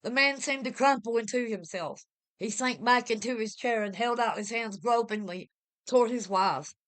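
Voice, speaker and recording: A woman's voice: on the high side, moderate pace, a bit bright. A woman giving a vivid, dramatic reading of a pulp horror story. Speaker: reader.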